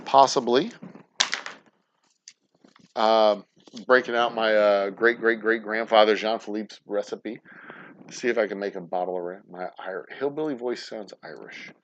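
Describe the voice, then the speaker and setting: A man with a lowish voice hosts a casual livestream chat. He rambles, swears often and downplays his own opinions. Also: measured pace, long pauses, muffled recording, slight background noise. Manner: rambling, profane, self-deprecating. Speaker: distillery show host.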